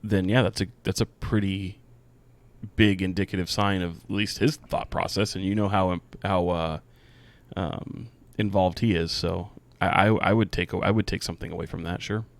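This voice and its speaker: A man's voice: deep voice, fairly even intonation, normal speed, gravelly. A man co-hosting a casual sports podcast, joking and rambling with restarts. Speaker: podcast co-host.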